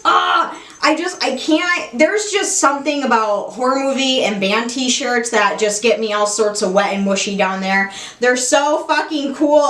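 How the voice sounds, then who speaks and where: A young woman vlogger showing off her clothing haul, gushing and excitable and swearing casually. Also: fairly high pitch. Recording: echoey room.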